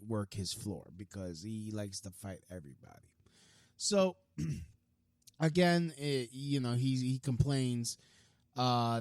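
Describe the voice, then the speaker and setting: A man rants casually to camera, rambling through fillers and restarts and swearing freely. His voice sits in a middle pitch. The sound is dry, with no room echo. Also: a little mellow. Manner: rambling, profane, many fillers. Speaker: vlogger. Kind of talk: casual rant.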